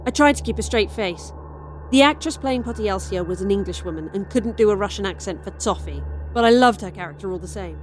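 A woman's voice: mid-range voice, expressive, fairly quick, a little hiss or hum. A woman reading a first-person sci-fi horror story aloud as storyteller, in a wry, dry tone. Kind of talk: scripted horror story narration.

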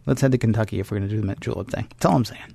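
A man's voice: on the low side, racing, gravelly, dark tone, no room sound. A man co-hosting a podcast in casual chat, rambling through jokey asides and laughing at himself. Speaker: podcast co-host.

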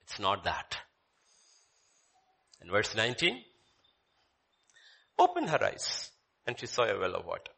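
A man preaching a sermon, dramatic, swinging between loud declaiming and hushed low lines. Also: very animated, normal speed, vocal fry, pauses often.

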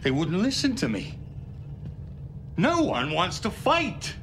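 A proud, embittered alien commander in a sci-fi TV series. He speaks slowly and broodingly, in a gravelly voice that rises and falls widely, over a clear hiss of background noise. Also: sits high, huge pitch swings, a bit bright, full character voice. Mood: brooding defiant. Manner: slow, brooding, defiant speech. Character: proud, bitter Cardassian military commander. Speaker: Gul Dukat.

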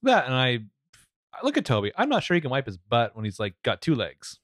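A man's voice: mid-range voice, wildly swooping pitch, a little fast, a bit bright, no echo, clean studio sound. A man co-hosting a podcast, chatting casually in a jokey way with playful asides. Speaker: podcast co-host. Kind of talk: casual chat.

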